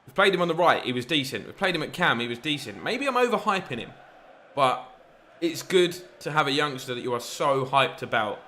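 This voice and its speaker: Excitable gamer commentating football. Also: male voice, medium pitch, fairly quick, slight background noise. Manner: excitable, chatty, mock-commentator play-by-play. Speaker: gaming YouTuber. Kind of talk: live commentary over a football video game.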